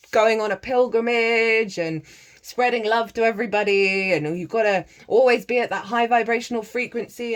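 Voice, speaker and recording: A woman reading tarot cards in a casual spiritual talk, chatty, laughing often and breaking into chanted phrases. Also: mid-range voice. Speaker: tarot reader.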